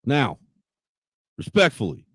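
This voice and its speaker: A man's voice: medium pitch, wildly swooping pitch, takes it slowly, a bit bright, breathy edge, no room sound, studio quality. A man hosting a casual live stream who laughs a lot and snaps back when someone talks over him. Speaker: stream host.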